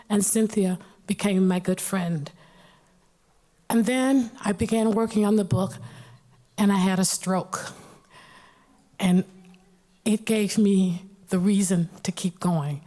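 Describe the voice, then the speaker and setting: A woman illustrator reciting a poem and then sharing personal remarks in an earnest, measured way. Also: mid-range voice, mellow. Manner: earnest, measured, clears throat now and then. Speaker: illustrator and poetry reader.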